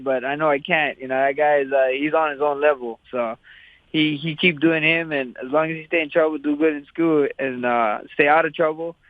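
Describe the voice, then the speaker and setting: A man's voice: on the high side, no echo. A man from Hawaii, a fighter talking as an interview guest in a laid-back, rambling way full of "you know". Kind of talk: casual interview chat. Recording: tinny phone-like line.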